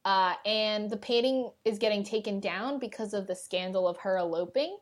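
A woman co-hosting a podcast, recapping a show in casual chat, animated and laughing often. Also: medium pitch, moderate pace. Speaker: podcast co-host.

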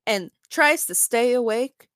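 A woman's voice: on the high side, lively intonation, takes it slowly, a bit bright, no echo. A woman co-hosting a casual podcast, recapping a cartoon episode in a chatty way with frequent restarts. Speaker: podcast co-host.

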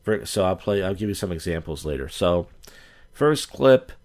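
Deep-voiced blunt podcast host man. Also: a little fast, darkish tone. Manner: rambling, crude and blunt, with many restarts. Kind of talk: casual podcast commentary.

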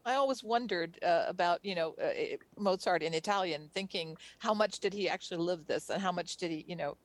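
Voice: medium pitch, brisk, no room sound. A podcast host asking a guest curious, hesitant questions. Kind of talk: casual interview questions.

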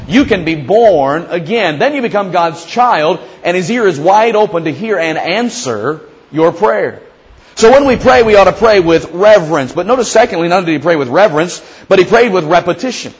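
A man's voice: high-pitched, animated, moderate pace, muffled recording. A man preaching a sermon as a pastor in a conversational, storytelling way, often acting out the prayers he quotes. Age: young adult or middle-aged father.

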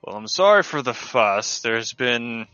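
A man's voice: medium pitch, expressive, a little slow, bright, forceful tone, clean tone, no echo, faint music behind. A man voicing a folksy minotaur guard. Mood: wary. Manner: folksy, plain-spoken. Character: wary male minotaur guard of a small village. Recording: dull lo-fi online call audio.

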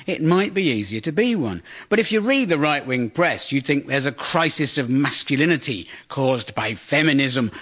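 A man giving a sardonic stand-up monologue as host of a radio comedy show. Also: fairly high pitch. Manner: wry, sardonic, deadpan.

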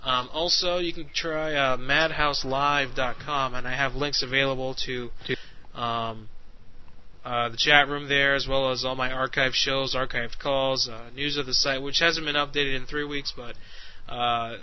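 A man's voice: medium pitch, steady tone, a little slow, bright, forceful tone, clean tone, low-quality recording. A man hosting an internet radio show, rambling casually with lots of fillers. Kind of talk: casual prank-call radio chat.

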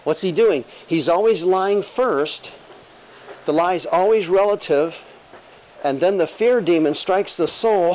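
A male pastor preaching an animated, emphatic sermon full of rhetorical questions and jokes. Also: sits high, takes it slowly, slight background noise, low-quality recording.

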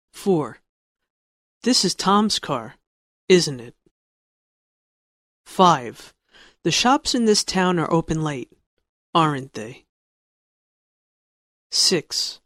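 A speaker reads numbered practice sentences for a lesson, stretching each one out very slowly. The pitch rises and falls with wide, deliberate swings. The sound is dry and close. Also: a bit bright, dry recording. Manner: slow, carefully enunciated reading with exaggerated intonation. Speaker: textbook audio reader. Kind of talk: scripted example sentences for a lesson.

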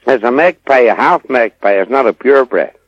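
A man's voice: mid-range voice, lively intonation, moderate pace, dry recording, dull audio. Folksy older man. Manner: rambling, folksy, sure of himself. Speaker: rural guest answering listener questions. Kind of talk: casual radio chat.

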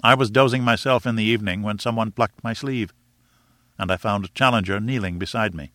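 A man reading an adventure novel aloud as narrator, in a measured, steady storytelling manner. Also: lowish voice, no room sound, studio quality. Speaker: audiobook reader. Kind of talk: scripted narration.

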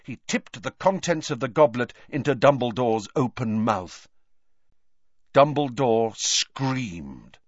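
An audiobook narrator reading scripted narration in a measured, expressive storytelling manner. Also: mid-range voice, no room sound, dull audio.

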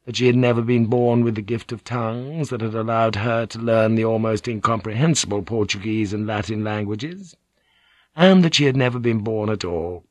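A man's voice: on the low side, normal speed, a little mellow, no room sound. Man narrating a historical audiobook. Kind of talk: scripted narration.

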